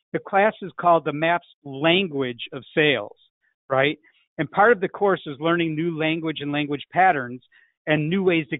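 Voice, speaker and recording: Sales coach, male, fairly high voice, emphatic, thin phone-like sound. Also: dry recording. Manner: emphatic, frequent "right?" tags. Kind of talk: online sales class. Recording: tinny phone-like line, dry.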